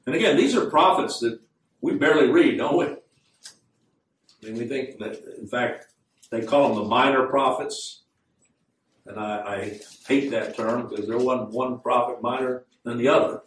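A man preaching a sermon in an earnest voice that climbs into fervent emphasis. He slows right down to read scripture aloud. The recording is roomy and echoing, with the speaker standing well back from the microphone, as in a church sanctuary. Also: medium pitch, fairly bright tone. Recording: echoey room, mic at a distance.

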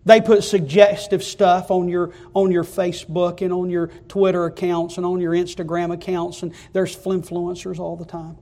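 High-voiced fervent preacher. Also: male voice, level tone, normal speed, hardly any pauses. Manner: fervent, rising to loud repeated climaxes. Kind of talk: sermon.

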